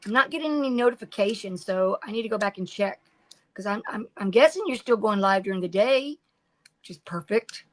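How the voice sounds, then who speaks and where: A woman's voice: mid-range voice, brisk, rough recording. An older woman chatting casually while crafting on a livestream at home, rambling and greeting viewers by name.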